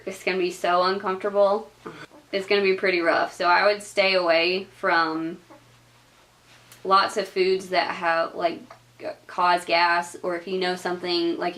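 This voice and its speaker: A young woman with a lowish, fairly bright voice vlogs to camera, offering casual advice. She's chatty, laughs often and leans on plenty of filler words.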